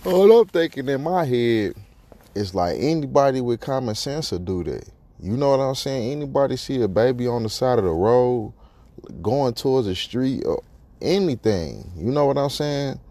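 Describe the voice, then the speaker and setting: Young guy podcaster ranting, gravelly voice, swings up and down a lot, dry close sound. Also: mid-range voice, animated, normal speed, dark tone. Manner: blunt, incredulous ranting with heavy slang. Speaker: podcast host. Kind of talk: profane casual commentary.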